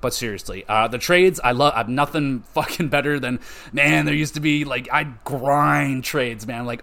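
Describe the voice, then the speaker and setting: A man's voice: mid-range voice, moderate pace, gravelly. Guy on a podcast rambling casually, swears a lot, does little voices for quotes. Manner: animated, profane, acts out quoted voices. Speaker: podcast host.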